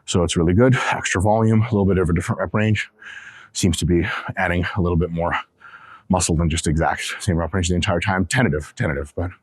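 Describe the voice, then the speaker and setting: Low-voiced joking man in a gym. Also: fairly even intonation, quick pace, breathy edge, dry recording. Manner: profane, joking, rambling. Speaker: fitness channel host. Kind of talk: casual gym vlog talk between sets.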